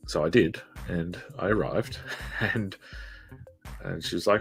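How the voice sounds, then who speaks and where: A man's voice: deep voice, moderate pace, vocal fry, soft background music. A man streaming live while he draws, telling a rambling, self-deprecating story full of fillers. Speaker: streamer and artist.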